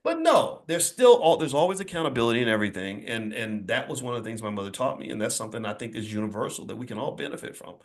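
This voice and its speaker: A man's voice: medium pitch, animated, fast, few pauses. A middle-aged man giving a motivational speech to a live audience in an indoor venue, emphatic and repetitive, with a preacher-like rhythm. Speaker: motivational speaker.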